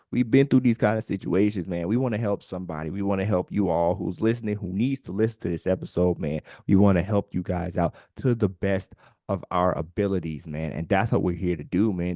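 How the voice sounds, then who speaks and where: A man's voice: on the low side, dark tone, dry recording, studio quality. A man co-hosting a casual podcast, urging listeners in a preachy way and ending lines with "man". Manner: preachy, repeats "man" at line ends. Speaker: podcast co-host.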